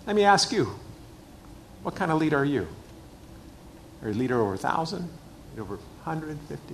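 A man's voice: on the high side, sing-song, normal speed, a little hiss or hum. A middle-aged man preaching a sermon in a church, emphatic and repeating his key phrases. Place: church hall with a screen.

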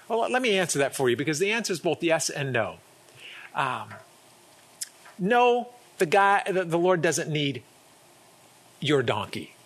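A middle-aged pastor preaching a sermon, earnest, often repeating words and acting out little quoted exchanges. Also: male voice, high voice, fairly bright tone.

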